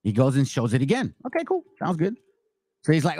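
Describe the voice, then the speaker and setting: A man's voice: sits high, very animated, fairly quick, a little mellow. A man giving casual reaction commentary, blunt and mocking, swearing freely. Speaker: online commentator.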